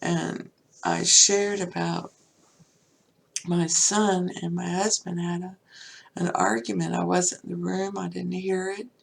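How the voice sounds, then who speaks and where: A woman's voice: lowish voice, creaky, breathy edge. An older woman hosting a spiritual podcast, talking personally and heartfelt in a rambling way with many fillers. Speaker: podcast host.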